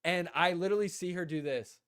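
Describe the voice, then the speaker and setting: Young adult man, live-stream host, casual storytelling, animated, dry close sound. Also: high-pitched, fairly quick, clear, resonant tone, no room sound. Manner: animated storyteller, acts out quotes, laughs often.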